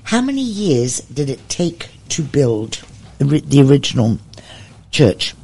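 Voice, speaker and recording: A man's voice: medium pitch, very animated, unhurried, gravelly, a little mellow, breathy edge. A man hosting a morning radio show, chatting casually on air and teasing his co-host with questions. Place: radio studio.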